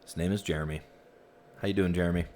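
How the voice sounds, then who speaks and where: A man's voice: deep voice, steady tone, fast, darkish tone, slight background noise. A man hosting a virtual reality group session in a casual, easygoing way, chatting with frequent fillers, speaking through a headset mic.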